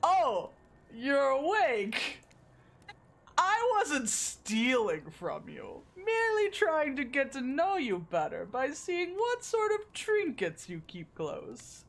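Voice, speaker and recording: A woman's voice: high-pitched, wildly swooping pitch, slow, pitched above the performer's own voice, exaggerated voice. A woman voicing a hulking, creepy yet sweet female huntress killer in a mock Russian accent, with a playful, wheedling manner. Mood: sly.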